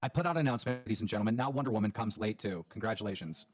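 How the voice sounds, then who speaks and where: A man's voice: on the low side, racing, no echo. A man hosting a livestream show, talking bluntly and emphatically with plenty of profanity. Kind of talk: livestream commentary.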